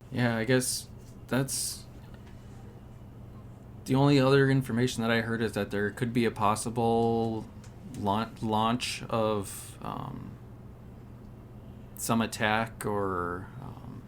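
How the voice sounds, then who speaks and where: A man with a low voice talks very slowly as a player in a tabletop game. His speech is hesitant and halting, full of ums, with faint hiss behind it. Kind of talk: in-character tabletop play.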